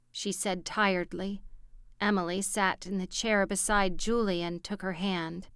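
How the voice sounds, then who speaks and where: Smooth-voiced woman narrating an audiobook. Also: medium pitch, fairly even intonation, a little slow, fairly bright tone, no echo, clean studio sound. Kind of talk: scripted narration.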